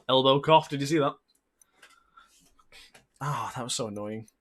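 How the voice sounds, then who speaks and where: A man's medium-pitched voice carries a breathy edge as he commentates a livestreamed game. Playing the excitable mock race-caller for his own race, he lapses into frustrated outbursts.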